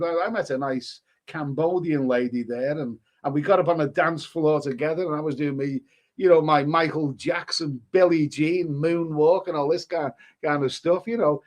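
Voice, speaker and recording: A man's voice: fairly high pitch, a little mellow. An older man from Liverpool with a Scouse accent, chatting casually on a live stream, rambling with frequent restarts and calling viewers "mate". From Liverpool, England. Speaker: travel vlogger hosting a live stream.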